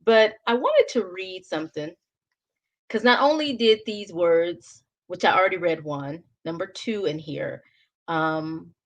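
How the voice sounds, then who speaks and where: A middle-aged woman talking through her phone on a live stream, chatty and rambling. Her voice sits a little low and lifts with bursts of laughter as she greets the viewers. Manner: chatty, rambling, frequent restarts. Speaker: author hosting a live stream. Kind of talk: casual live-stream chat.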